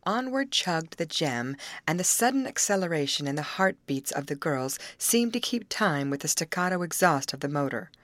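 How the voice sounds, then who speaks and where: A woman narrating an audiobook in an even, measured reading. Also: sits low, no room sound. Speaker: audiobook reader.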